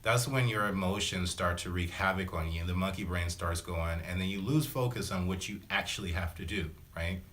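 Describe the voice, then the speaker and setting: A man's voice: deep voice, moderate pace, hardly any pauses, fairly bright tone. A man, a spiritual self-help vlogger, talking casually and rambling, with lots of slang fillers and small acted-out voices for his examples. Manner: acts out little voices for examples. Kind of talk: casual motivational talk to camera.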